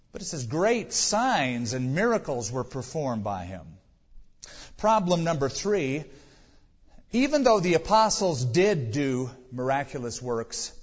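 Higher-voiced male preacher in a reverberant hall. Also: breathy edge. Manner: rhetorical questions and numbered points; sudden rises in pitch and volume for emphasis. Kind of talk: sermon. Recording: long hall reverb, dull lo-fi sound.

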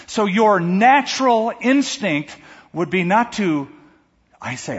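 Husky male pastor preaching, voice going up and down a lot, dull recording. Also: high voice. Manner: animated, slows down for emphasis. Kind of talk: sermon. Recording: echoey hall, dull sound.

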